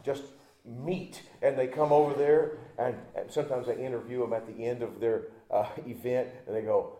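A male pastor preaching a sermon, telling folksy stories and swinging between loud emphasis and hushed asides. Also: mid-range voice, fairly even intonation, moderate pace. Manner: folksy storytelling with restarts.

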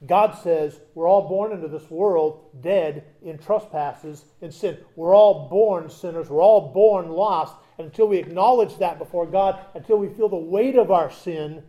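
A man preaching a sermon, moving between loud emphatic points and quiet conversational asides with humorous stories. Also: sits high, measured pace, few pauses, lo-fi sound. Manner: conversational, tells humorous anecdotes. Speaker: pastor.

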